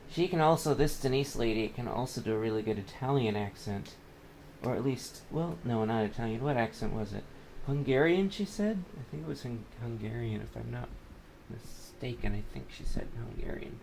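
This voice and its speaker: A man's voice: mid-range voice, expressive, normal speed, creaky, a little mellow, slight background noise. A young man talking to his own camera on a college campus in a casual, rambling monologue, often repeating and correcting himself as he goes. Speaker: vlogger.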